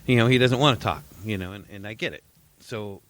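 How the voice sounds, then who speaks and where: A man's voice: fairly low pitch, a little fast, fairly bright tone, no echo. A man co-hosting a podcast who talks in a thoughtful, rambling way, often repeating and restarting words as he explains. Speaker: podcast co-host. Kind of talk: casual chat.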